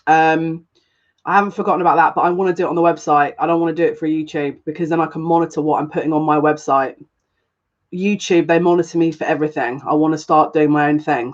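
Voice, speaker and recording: Low-pitched and heard through audio missing its highs, this woman is a psychic reader chatting on a live stream. She rambles casually, greeting viewers individually by name, and her noticeable accent earns viewer compliments.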